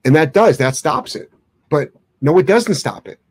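A man's voice: on the high side, lively intonation, normal speed, husky, no room sound. A man who trains dogs for a living, answering viewer questions in a blunt, opinionated way, swearing now and then. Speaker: dog trainer.

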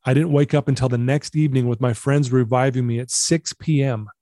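A man's voice: mid-range voice, fairly even intonation, a little fast, mellow, no room sound, studio quality. A middle-aged man, a guest in a conversation, earnestly telling a personal story and repeating himself for emphasis.

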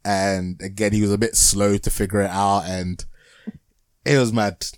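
A man's voice: fairly low pitch, level tone, normal speed, clear, resonant tone, no room sound. A man hosting a podcast, rambling through a TV show review in casual chat, laughing often and restarting his sentences. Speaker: podcast host.

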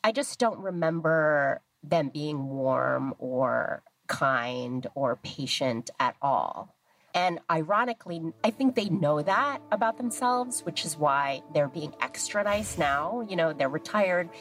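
A woman in her thirties telling family stories in a lively, casual way, acting out the voices of the people she quotes. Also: low-pitched, takes it slowly. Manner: animated, acts out quoted voices, laughs often. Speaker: guest. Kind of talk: casual storytelling.

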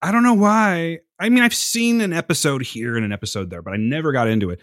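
A man's voice: a little high, fast, fairly bright tone, no echo, studio quality. A man co-hosting a casual podcast, arguing heatedly, swearing and laughing often. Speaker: podcast co-host. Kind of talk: casual chat.

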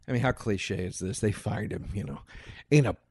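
A man's voice: lowish voice, normal speed, darkish tone, slightly rough, no echo. A man co-hosting a podcast, chatting casually about a movie, rambling with stammered restarts and dry storytelling. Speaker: podcast co-host. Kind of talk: casual movie review chat.

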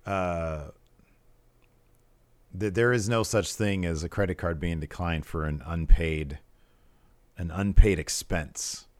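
Man, very low voice, laid-back co-host, casual chat, dry close recording. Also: slow pace, long pauses, no room sound. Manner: laid-back, laughs easily, trails off. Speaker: podcast co-host. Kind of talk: casual chat reading fan questions.

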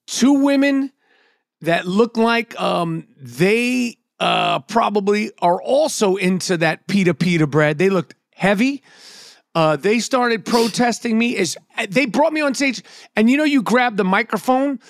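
A man's voice: sits high, lively intonation, a little slow, no echo, studio quality. A middle-aged man, hosting a podcast, telling stories in a brash, profane way. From New York. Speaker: podcast host and comedian. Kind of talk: casual podcast chat.

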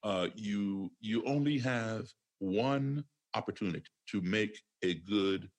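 A man's voice: lowish voice, slow pace. A man speaking as a podcast guest, emphatic and lecturing, repeating his key phrases as he makes a point. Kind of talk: conversational interview.

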